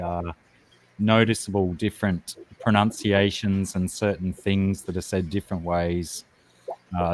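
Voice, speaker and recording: Aussie bloke, lowish voice, loose rambling stream chat. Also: male voice, darkish tone. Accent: Australian. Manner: chatty, rambling with fillers. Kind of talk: casual chat.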